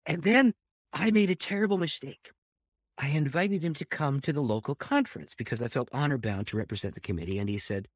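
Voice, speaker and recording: A man, a pastor, telling a personal story with lots of laughter, dropping to a hush and then rising loud and excited. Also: on the high side, normal speed, long pauses, no echo, studio quality. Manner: animated storyteller, laughs often, swings between hushed and loud. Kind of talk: storytelling testimony.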